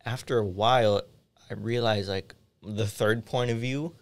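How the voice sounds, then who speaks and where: A man's voice: fairly low pitch, steady tone, a little slow. A young man co-hosting a podcast, chatting casually in a studio and telling a story with frequent laughs. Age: young adult. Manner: laid-back storytelling, laughs often. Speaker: podcast co-host. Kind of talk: casual chat.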